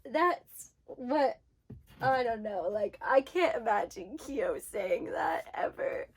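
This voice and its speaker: With a fairly high, breathy voice and an unhurried pace, this book vlogger vents in casual conversation. She talks animatedly and leans heavily on "like."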